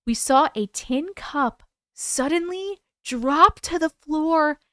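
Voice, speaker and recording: A woman's voice: high voice, lively intonation, slow pace, a bit bright, no echo, clean studio sound. A woman in her thirties hosting a livestream, chatting playfully with viewers and reading their stories aloud. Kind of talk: casual live chat and story reading.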